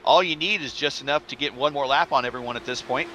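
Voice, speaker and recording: A man giving color commentary on a sim race, analytical and halting, with frequent uhs. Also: mid-range voice. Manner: analytical, hesitant, many uhs. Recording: noisy voice chat line.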